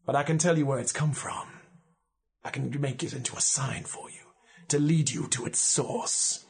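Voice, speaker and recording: A man voicing an ancient, towering male voodoo spirit who guards the gateways, speaking slowly in a grave, hushed tone. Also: medium pitch, creaky, breathy edge. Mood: solemn.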